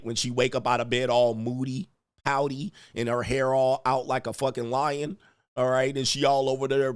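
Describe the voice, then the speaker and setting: Male streamer, mocking and animated, mid voice, dry room. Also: mid-range voice, no echo. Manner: animated, mocking impressions of others. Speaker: livestream host. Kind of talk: casual livestream commentary.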